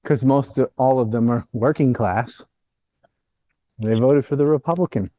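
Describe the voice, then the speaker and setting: A man's voice: medium pitch, normal speed, warm tone, no room sound, muffled recording. A man hosting a casual political chat, blunt and opinionated, ranting about the news.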